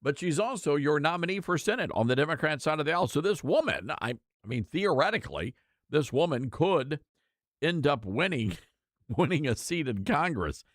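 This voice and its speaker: A man hosting a talk show, giving opinionated commentary in an animated, mocking way. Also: on the high side, moderate pace, no echo, clean studio sound. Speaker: radio talk show host.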